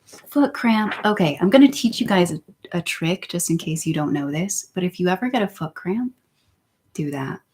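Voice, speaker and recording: A woman's voice: fairly low pitch, expressive, normal speed, a little mellow, slight background noise. A woman vlogger talking in a casual, meandering way, giggling often between phrases. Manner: meandering, with many fillers and restarts. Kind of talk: casual rambling monologue.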